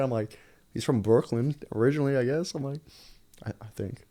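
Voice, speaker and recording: A young man with a New York accent, a podcast guest telling stories in casual, animated chat with lots of swearing. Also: medium pitch. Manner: rapid, animated storytelling with frequent swearing and laughter.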